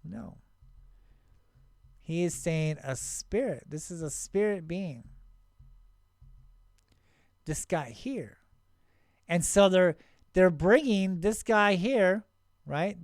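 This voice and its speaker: Excited rambling middle-aged man, smooth voice. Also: high-pitched, takes it slowly, long pauses, no echo, clean studio sound. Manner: excited, rambling, many restarts and "right?". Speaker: channel host. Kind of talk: casual video commentary.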